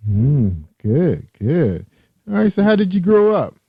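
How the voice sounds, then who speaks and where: A man's voice: on the high side, wildly swooping pitch, measured pace, vocal fry, slightly rough, dry recording. A man hosting an online radio interview show, chatting loosely and correcting himself as he goes. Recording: tinny phone-line sound.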